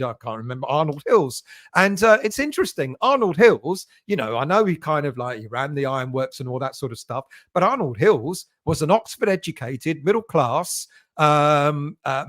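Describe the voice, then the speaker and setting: A man's voice: on the high side, fairly bright tone, no room sound, clean studio sound. Chatty man hosting a live stream. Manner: chatty, many fillers, greets viewers by name. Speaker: fan channel host. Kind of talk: live stream chat reading viewer comments.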